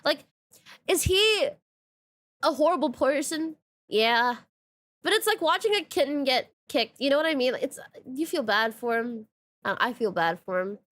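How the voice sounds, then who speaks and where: A woman streaming a dating sim, reacting to the story and chatting with viewers in an animated, swearing way. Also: sits high, moderate pace. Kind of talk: live game commentary reading a dating sim aloud.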